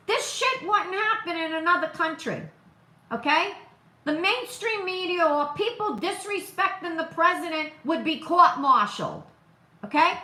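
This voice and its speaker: A woman's voice: very high-pitched, expressive, measured pace, pushed and bright, roomy sound. A woman with a noticeable accent, hosting an opinionated live stream, who repeats her points emphatically and asks rhetorical questions. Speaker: political livestream host.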